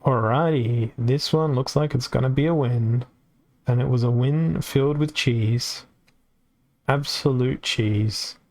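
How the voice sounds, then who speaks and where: A man's voice: mid-range voice, slow pace, a little mellow. A man with an Australian accent giving casual live-stream commentary on a card game, chatty and reacting aloud as it plays out.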